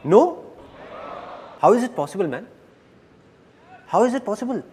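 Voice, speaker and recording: A man delivering a live motivational speech, playful and exhorting his audience. His fairly high voice is very animated and swings widely in pitch. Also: moderate pace, a little hiss or hum. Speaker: motivational speaker.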